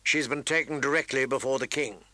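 A man's voice: medium pitch, steady tone, brisk, pushed and bright, no room sound. A man voicing a dutiful steward who reports in a polite, matter-of-fact way. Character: dutiful male steward, respectful and plain.

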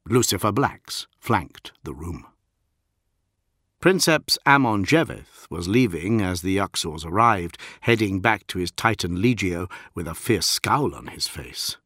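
A man reading a science fiction audiobook in a measured, dramatic way. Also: lowish voice, a bit bright, no echo, clean studio sound. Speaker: audiobook narrator. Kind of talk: scripted narration of science fiction.

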